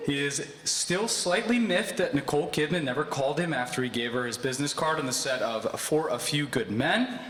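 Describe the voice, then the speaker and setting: A man's voice: a little high, expressive, moderate pace, fairly bright tone, a little hiss or hum. Man hosting an event in an echoey hall. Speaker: event host introducing the speaker. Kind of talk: reading a scripted introduction. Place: large hall with audience. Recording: echoey hall with long reverb.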